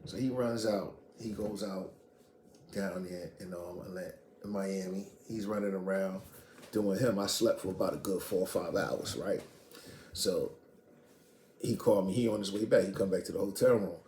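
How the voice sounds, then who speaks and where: A middle-aged man from Queens, casually telling a story in street slang and profanity, animated and blunt. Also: sits low, normal speed. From Queens, New York. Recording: echoey room, faint noise.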